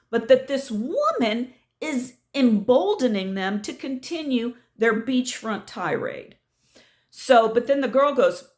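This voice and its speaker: Middle-aged woman, vlog host, indignant storytelling, rather high voice, very lively pitch. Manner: indignant, animated retelling. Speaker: channel host.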